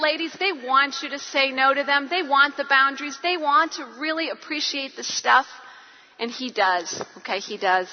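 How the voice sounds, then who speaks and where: Brief: middle-aged woman speaker, high voice, chatty and animated, live hall talk. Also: highs cut off, slight background noise. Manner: animated, chatty, acts out quotes. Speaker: speaker at a women's parenting event.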